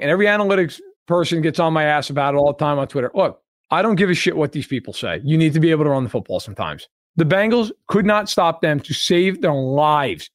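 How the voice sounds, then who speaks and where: Man, podcast co-host, high lively voice, dry close sound, blunt and profane. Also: no room sound. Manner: blunt, emphatic and profane, repeating points. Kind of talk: casual sports podcast discussion.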